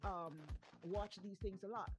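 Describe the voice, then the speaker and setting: Over music and on a low-quality recording, a parent from Saint Vincent discusses children's speech casually yet earnestly and emphatically. Her mid-range voice holds a steady tone at a measured pace.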